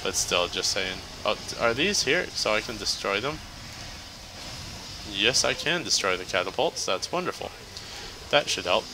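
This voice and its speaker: A man's voice: on the low side, big pitch swings, normal speed, gravelly, long pauses, noisy background. A man giving casual, joking let's-play commentary as he plays, chatty and laughing often. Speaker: gameplay commentator.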